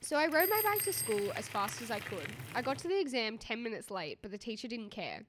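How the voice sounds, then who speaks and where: Giggly young woman, lively voice. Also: fairly high pitch, brisk, background noise. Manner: giggly, bouncing between storytelling and laughter. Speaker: podcast co-host. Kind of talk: casual chat, reading a listener's dream.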